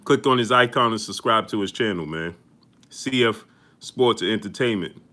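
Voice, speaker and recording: Bright-voiced man hyping a live stream. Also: on the low side, moderate pace. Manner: energetic, greets viewers one by one with slang. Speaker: host of a boxing live stream. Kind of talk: casual live-stream shout-outs.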